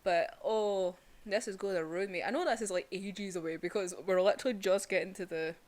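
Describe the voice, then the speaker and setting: A young woman chatting casually about a manga chapter, excitable and swearing freely. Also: mid-range voice, a little fast. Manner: excitable, swearing, laughs often. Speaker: manga reviewer. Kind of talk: casual chat.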